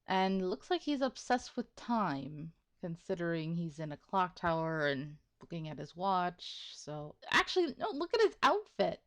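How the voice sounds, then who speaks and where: A woman's voice: fairly low pitch, big pitch swings, a little slow, hardly any pauses. A woman giving casual, chatty commentary on a game playthrough, musing aloud and laughing often. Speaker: gamer, let's play host.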